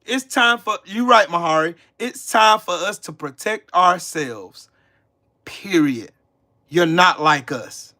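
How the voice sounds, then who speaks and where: Heated guy ranting on his live stream, cussing out chat, kinda high sharp voice. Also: expressive, slow. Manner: profane, heated, talks back to chat. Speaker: livestream host. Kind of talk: angry live-stream rant.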